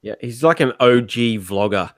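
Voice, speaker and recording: A man with a very lively, swinging voice jumps in with quick reactions during a group chat. His sound is dry and close, with no room around it. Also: medium pitch, dry recording. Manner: animated, chimes in with quick reactions. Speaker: co-host. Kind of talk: casual group chat on a live stream.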